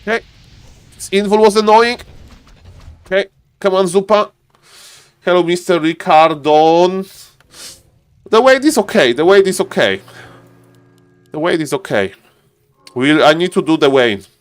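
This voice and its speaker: Guy casting a strategy game, excitable, yelps high, dry close mic. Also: measured pace, pauses often, clean tone, no room sound. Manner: animated, laughing outbursts, sudden high-pitched yelps. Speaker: game caster. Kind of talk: excited live game commentary.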